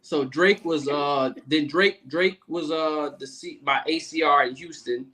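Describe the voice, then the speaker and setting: A man with a slightly high voice tells a long workplace story in relaxed, salty podcast talk. He slips into other people's voices as he recounts what they said. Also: unhurried. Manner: animated storyteller acting out the people he quotes; loose, profane, talkative. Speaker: podcast guest, Navy command master chief. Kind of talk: casual storytelling interview.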